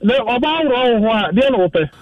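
A high-voiced Ghanaian man phoning in to a radio talk show. He rambles through a long appeal, stalling on fillers. His voice comes down a thin, far-off phone line. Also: lively intonation, moderate pace, no echo. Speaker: phone-in caller.

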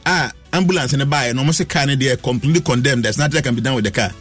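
A man's voice: medium pitch, racing, a bit bright, slightly rough, soft background music. A man with a Ghanaian accent telling stories on a radio talk show, mixing Twi and English animatedly. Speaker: astrologer guest.

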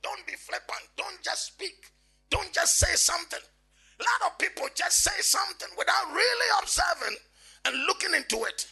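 A man preaching an impassioned sermon, swinging between quiet reading and shouting. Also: very high-pitched, animated, normal speed, creaky, soft background music.

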